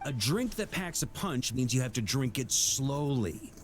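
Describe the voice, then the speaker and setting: Game voice: a hearty veteran knight, lively pitch, measured formal delivery, faint music behind. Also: male voice. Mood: genial. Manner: warm, relaxed storytelling, measured and formal. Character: hearty veteran knight grandmaster, middle-aged man. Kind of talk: game voice acting.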